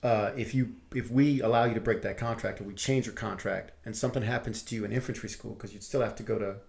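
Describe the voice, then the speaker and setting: A man from Texas, a guest on an interview show, telling his army stories in a lively, chatty way. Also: on the low side, fast, creaky. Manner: lively storyteller who acts out his quotes. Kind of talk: casual storytelling interview.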